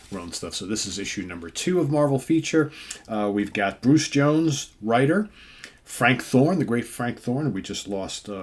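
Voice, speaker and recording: A middle-aged man with a fairly low voice hosts a relaxed comic book review. He talks in a loose, chatty way, often ending a remark with "right?", and reads captions aloud plainly. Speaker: host.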